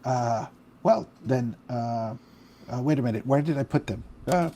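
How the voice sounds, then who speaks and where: A man voicing a distracted, flustered female mummy with a hoarse, half-whispered voice. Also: extremely low pitch, unhurried, warm tone, slight background noise. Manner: fluttery, flustered, easily distracted. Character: distracted absent-minded mummy woman. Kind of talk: tabletop game voice acting.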